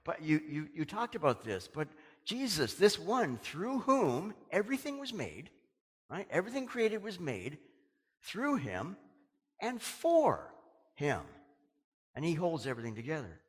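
A man's voice: on the high side, huge pitch swings, a little slow, breathy edge. Man preaching in a reverberant hall. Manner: dramatic preaching, dropping to a hush on quoted words. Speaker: pastor. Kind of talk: sermon.

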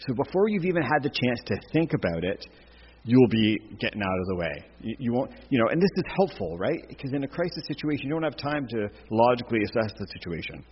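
A man's voice: medium pitch, very animated, fast, breathy edge. A man giving a casual, jokey teaching talk to a church class, with lots of restarts. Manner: chatty, jokey, many restarts. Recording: echoey hall, dull lo-fi sound.

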